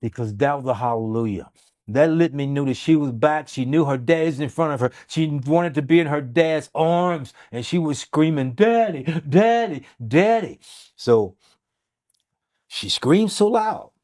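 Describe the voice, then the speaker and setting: A man's voice: a little high, normal speed, darkish tone, no echo, studio quality. A man who is a doctor, telling an emphatic, dramatic story in an interview and acting out what people said. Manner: dramatic, emphatic, acts out quotes. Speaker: guest, doctor. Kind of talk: animated storytelling.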